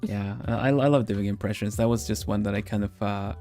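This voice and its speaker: A man's voice: on the low side, dark tone, soft background music. A man hosting a stream, chatting casually and hesitantly, with lots of restarts and fillers. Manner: halting, many restarts and fillers. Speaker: streamer host.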